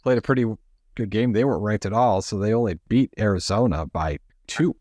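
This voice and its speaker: A man's voice: on the low side, animated, fairly quick, a little mellow, no room sound, studio quality. A middle-aged man co-hosting a casual sports podcast over a remote call, telling rambling stories that keep interrupting themselves. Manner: rambling, self-interrupting storyteller. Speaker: podcast co-host.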